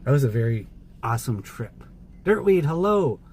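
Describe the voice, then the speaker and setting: A man's voice: mid-range voice, big pitch swings, normal speed, darkish tone. A man hosting a livestream, chatting casually from inside a car while he drives. He is chatty, laughs often and thanks viewers by name. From Canada. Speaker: livestream host. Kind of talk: casual chat while driving. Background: faint car noise.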